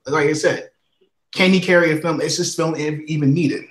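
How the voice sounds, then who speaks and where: A man's voice: fairly high pitch, steady tone, moderate pace, reverberant, rough recording. A man co-hosting a casual podcast chat, rambling and repeating himself. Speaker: podcast co-host.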